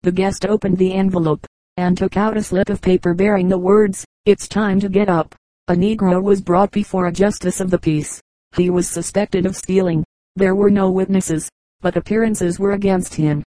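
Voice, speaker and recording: A woman reading aloud from an old joke book in a steady, plain manner. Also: mid-range voice, moderate pace, dry recording, poor audio. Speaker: audiobook reader.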